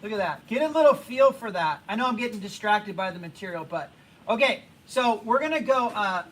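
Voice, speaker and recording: A young man teaching a drawing class, talking casually and haltingly, repeating himself and hushing the students. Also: high-pitched, expressive, rough recording. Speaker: art teacher.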